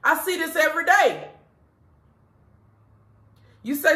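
A woman who owns a lingerie store, doing a casual live product pitch to her customers, blunt, profane and preachy. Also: animated, normal speed, bright, forceful tone, echoey room. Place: inside her shop.

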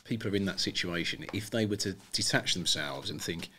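Podcast host guy, real deep voice, thinks things through as he talks. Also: a little fast, bright, forceful tone, a little hiss or hum. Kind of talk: casual chat.

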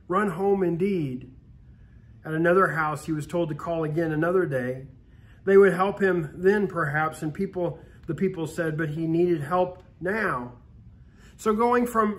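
A man reading a Christmas story aloud for a church, steady, with small restarts. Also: sits high. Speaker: story reader.

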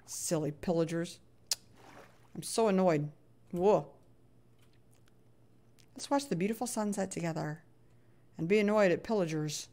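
A woman's voice: lowish voice, measured pace, long pauses, mellow. A middle-aged woman talks her way through a live game stream in a loose, chatty voice. She plays up her annoyance, grumbles at the game and reads messages from chat aloud as she goes.

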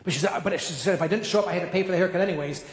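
A man preaching a sermon as a guest speaker, telling stories in an energetic, animated way. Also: sits high, very fast. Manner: energetic, animated storytelling with rising emphatic peaks. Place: church sanctuary. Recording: echoey church hall.

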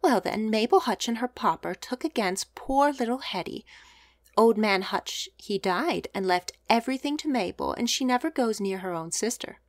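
A woman playing a sharp-tongued old gossip. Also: a little high, expressive, normal speed, dry recording, clean studio sound. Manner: knowing, disapproving.

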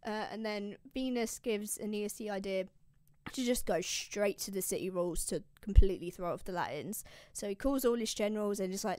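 A woman's voice: medium pitch, moderate pace, warm tone, no room sound, studio quality. A woman host giving a casual, slangy, swearing recap of an ancient epic. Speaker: classics video host.

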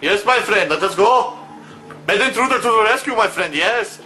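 A man's voice: high-pitched, animated, normal speed, sharp tone, soft background music, voice pushed up. A man voicing a menacing, gleeful male home intruder who keeps repeating a sing-song catchphrase. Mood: gloating.

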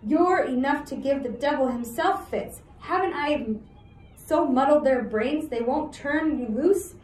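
A scrappy, quick-witted boy, brisk and urgent in a storybook read-aloud, as a woman teacher puts him on. The voice sits a touch high and rings in an echoey room, heard from a distance. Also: expressive, a little mellow.

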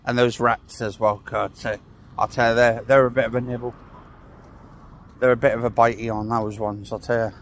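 Out on a walk, a male vlogger rants and rambles with sarcasm, sighing and swearing in a casual ranting vlog. He speaks at a medium pitch and moderate pace with flat delivery, and slight background noise can be heard.

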